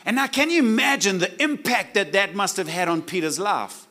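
A man's voice: sits high, normal speed, hardly any pauses, sharp tone. A man preaching a sermon, emphatic, stopping to have the congregation repeat key words back to him.

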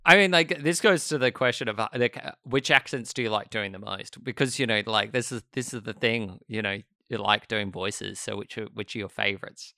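A woman hosting a podcast, asking questions in a relaxed, encouraging way. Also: a bass voice, a little fast, hardly any pauses, no echo, clean studio sound. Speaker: podcast host. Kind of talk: casual podcast conversation.

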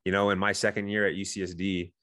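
Quick-talking deep-voiced man, earnest. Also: flat delivery, fairly bright tone, no room sound, clean studio sound. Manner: earnest, emotional, many restarts and "you know"s. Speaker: guest. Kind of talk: candid personal storytelling.

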